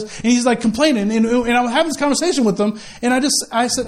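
A man's voice: very high voice, expressive, quick pace, few pauses. A man preaching a casual, slangy sermon with lots of asides and quoted voices. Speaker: pastor.

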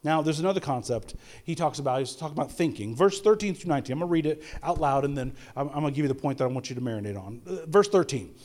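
Middle-aged male pastor, fairly high voice, chatty sermon delivery, rhetorical questions, frequent restarts. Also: expressive, rapid-fire, hardly any pauses, darkish tone. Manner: conversational preaching with repeated rhetorical questions and stammered restarts.

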